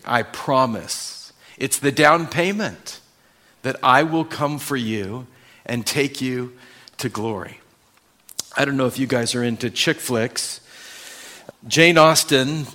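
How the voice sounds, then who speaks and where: A man pastor giving a sermon and telling a story in a warm, conversational way to his congregation. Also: fairly high pitch.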